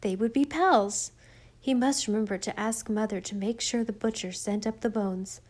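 A woman narrating a children's story in a gentle, even storytelling voice. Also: on the high side, normal speed. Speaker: audiobook narrator.

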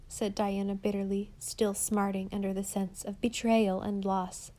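A woman narrating a storybook in an expressive, measured reading voice. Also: mid-range voice. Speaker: audiobook narrator.

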